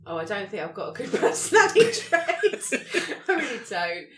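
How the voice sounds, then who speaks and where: A woman as an interview guest, chatting in quick bursts and giggling between lines. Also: medium pitch, sing-song, a bit bright, slight background noise. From Britain. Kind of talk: casual interview chat. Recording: roomy echo.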